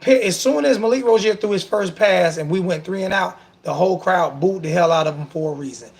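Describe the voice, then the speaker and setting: Brief: male sports talk host, high gravelly voice, emotional and sarcastic. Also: a little fast. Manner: emotional, animated, sarcastic, repeats himself.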